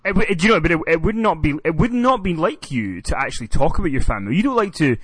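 A man hosts a joking podcast with dry, exasperated teasing. His pitch moves in lively swings. The sound is very dry and close. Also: fast, breathy edge, dry recording. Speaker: podcast host. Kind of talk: comedic podcast banter.

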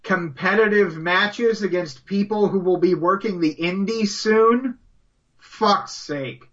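Higher, bright-voiced man, exasperated podcast ranter, dull lo-fi sound. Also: slow pace. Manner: exasperated, profane ranting. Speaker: wrestling podcast co-host. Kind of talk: casual chat.

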